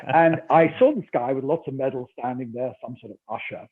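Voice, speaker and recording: Against a crowd in the background, an older Geordie-accented man from Newcastle, England talks fairly quickly in a mid-range voice. He's an actor and audiobook narrator telling a story in a remote interview, acting out quotes and laughing often, with tinny call audio.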